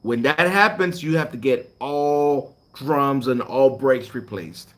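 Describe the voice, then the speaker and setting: A man's voice: mid-range voice, slow pace. A man who hosts a channel for truck drivers, chatting casually with viewers and acting out the dialogue of his stories with lots of energy. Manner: animated storytelling, acts out dialogue. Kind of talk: casual live chat with viewers.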